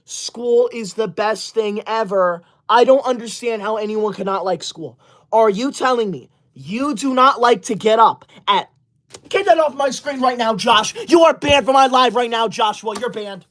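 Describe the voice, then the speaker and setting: A performer playing a self-righteous young livestreamer who loves school, scolding the chat with indignant, sudden shouted outbursts into a close mic. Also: medium pitch, moderate pace, lightly acted. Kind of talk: comedy sketch livestream.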